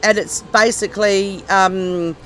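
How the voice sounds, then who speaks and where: A middle-aged woman guest, hoarse and husky from laryngitis, chatting casually with lots of ums and restarts. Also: mid-range voice, fairly even intonation, slow pace, a bit bright, slight background noise, low-quality recording. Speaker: comedian guest. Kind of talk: casual chat.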